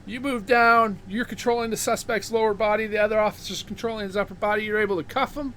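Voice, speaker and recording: Casting: male host with a high voice, cursing through a fired-up rant, tripping over repeated words. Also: fairly even intonation, fast, sharp tone, a little hiss or hum. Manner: heated, profane, repeats words when worked up. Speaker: show host. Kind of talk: profane ranting monologue.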